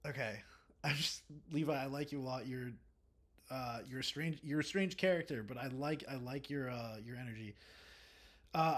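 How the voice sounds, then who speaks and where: A young man streaming from home, talking in a loose, rambling way with plenty of "um"s and false starts. His voice sits at an ordinary mid pitch. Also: moderate pace. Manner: rambling and relaxed, many fillers and restarts. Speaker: livestreamer. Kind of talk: casual chat reading live comments.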